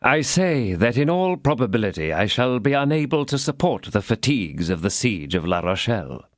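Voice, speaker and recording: A man reading an audiobook, voicing a scheming cardinal in a low, soft, measured tone. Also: no echo, studio quality, lightly acted.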